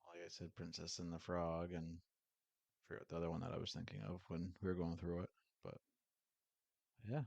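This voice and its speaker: Man, podcast host, very low voice, laid-back, short replies, dry dull audio. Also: monotone, moderate pace, vocal fry, long pauses, darkish tone, dry recording. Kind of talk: casual chat.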